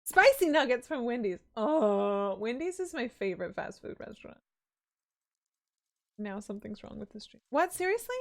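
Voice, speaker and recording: A woman's voice: fairly high pitch, sing-song, moderate pace, vocal fry. A woman streaming a video game and chatting casually with her viewers, giggly and teasing. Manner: chatty, giggly, answers chat. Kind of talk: casual live-stream chat.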